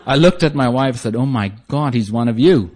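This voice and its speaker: A man's voice: mid-range voice, animated, fairly quick, darkish tone, a little hiss or hum. A man with a non-native English accent telling a humorous personal story in a wry, self-mocking way, laughing as he goes. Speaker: speaker sharing a recovery story.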